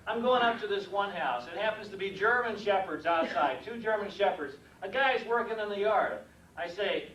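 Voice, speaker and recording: An older man giving a humorous speech about his work as a mailman, animated, chuckling at his own jokes and acting out sounds. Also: high voice, a little hiss or hum. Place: meeting room with audience. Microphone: far room mic. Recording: echoey room from far off.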